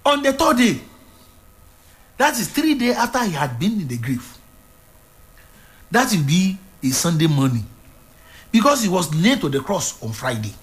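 A man's voice: sits high, big pitch swings, normal speed, long pauses, fairly bright tone. A man preaching a sermon, retelling a Bible story with fervent, dramatic delivery and repeated phrases.

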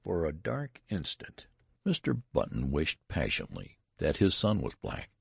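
A man reads a story aloud in an extremely low, gravelly voice. His telling is measured but lively in pitch. The sound is husky and very dry. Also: no echo. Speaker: narrator. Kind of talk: audiobook narration.

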